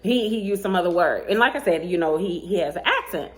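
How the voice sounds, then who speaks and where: A woman vlogger with a lowish voice talks fast in a casual storytime about a date, sassy and animated, often laughing as she plays both sides of the conversation.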